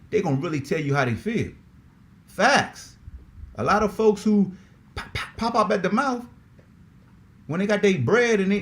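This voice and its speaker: A man hosting a sports podcast in casual talk, exasperated and animated, firing off repeated rhetorical questions. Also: fairly high pitch. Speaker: podcast host.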